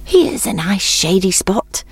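A woman's voice: mid-range voice, very animated, slow, husky, dry recording, full character voice. A woman voicing a boastful young male hare in a storybook reading, bragging and mocking. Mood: drowsy.

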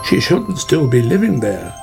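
A man's voice: mid-range voice, very animated, unhurried, creaky, music in the background. A man voicing a chatty, worried male otter in a storybook reading.

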